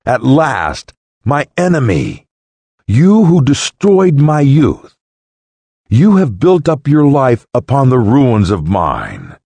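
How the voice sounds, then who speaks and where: A bitter, vengeful mother in a storybook parable, voiced by a man reading aloud. Husky and slow, with sweeping swings in pitch. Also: wildly swooping pitch, dark tone, dry recording, full character voice. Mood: hateful. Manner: hateful, vengeful. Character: bitter sleepwalking mother, older woman.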